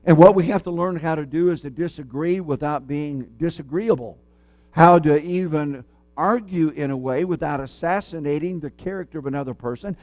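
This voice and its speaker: A man preaching a sermon in church, telling a folksy story and then speaking in a measured, earnest way. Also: fairly high pitch, darkish tone, dry recording. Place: church sanctuary.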